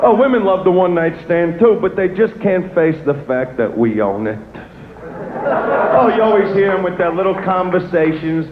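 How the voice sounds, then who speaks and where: A man's voice: high-pitched, animated, moderate pace. A man doing a crude, swaggering stand-up comedy routine. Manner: brash, crude, swaggering delivery. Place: live comedy venue. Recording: lo-fi phone-like live recording with loud noise and echo.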